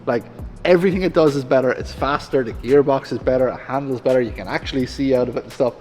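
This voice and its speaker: A man's voice: mid-range voice, fast talker, a little mellow. An Irish man chatting casually as a guest on a car tour, joking and teasing. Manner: joking, teasing, laughs often. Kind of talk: casual chat. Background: music.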